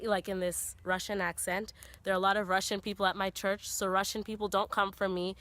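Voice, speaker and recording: Speaking fairly quickly in a mid-range voice, a young Canadian vlogger recounts a story in a forest, filmed on a tripod camera. She leans heavily on "like" and "you know," growing animated, her voice rising as the tale builds.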